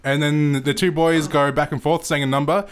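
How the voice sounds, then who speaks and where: A man's voice: on the high side, little pitch movement, normal speed, clear, resonant tone. Enthusiastic Australian man hosting. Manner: enthusiastic, jokey, slangy. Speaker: podcast host. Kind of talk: casual film podcast chat.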